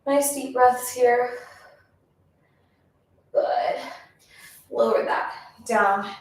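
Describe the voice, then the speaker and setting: Her voice a touch high, a woman teaches pilates at an extremely slow pace, counting reps and giving upbeat cues. She sounds a little breathless, and the recording comes from a distant mic in an echoey space.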